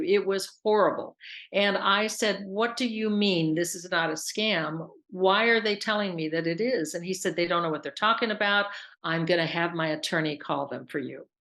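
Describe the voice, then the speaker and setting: A woman's voice: mid-range voice, fairly bright tone. A woman telling her own story as an interview guest, earnest and intense, repeating herself for emphasis. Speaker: interview guest, scam victim. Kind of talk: emotional personal account.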